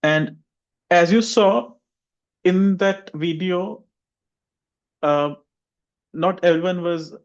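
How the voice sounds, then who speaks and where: A man's voice: sits high, steady tone, very slow, pauses often. A man teaching an English pronunciation class over a video call, modeling sentences and calling on students. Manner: models sentences with exaggerated intonation, calls on students. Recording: dull lo-fi online call audio.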